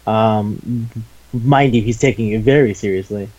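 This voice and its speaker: A man chatting casually as a podcast host, retelling a manga story in an animated, profane way, acting out the characters' lines and laughing often. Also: fairly low pitch, unhurried, dull audio.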